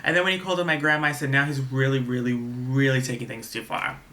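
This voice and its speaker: A man's voice: medium pitch, steady tone, quick pace, bright, forceful tone. A young man telling a personal story in a vlog, rambling and indignant. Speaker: vlogger.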